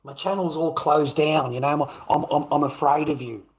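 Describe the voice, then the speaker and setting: A man's voice: a little high, steady tone, normal speed, lightly acted. A man putting on a whiny, cowering troll. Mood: mocking. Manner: mocking whiny put-on. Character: timid cowering male online troll.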